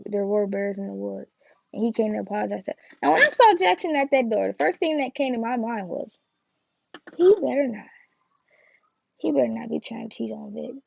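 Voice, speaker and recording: A woman talks through a TV episode in a loose, rambling way, full of fillers and slang. Her voice is heavily gravelly and mellow-toned. The recording is dry and a little dull. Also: medium pitch, no room sound. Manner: chatty, rambling, filler-heavy with slangy asides. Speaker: TV review vlogger. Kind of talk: casual chat.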